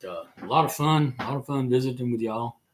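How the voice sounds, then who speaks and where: An older man with a Southern accent from the North Carolina mountains, hosting a casual live chat in a folksy, rambling way with drawn-out fillers. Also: mid-range voice, lively intonation, a little hiss or hum. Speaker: livestream host and musician.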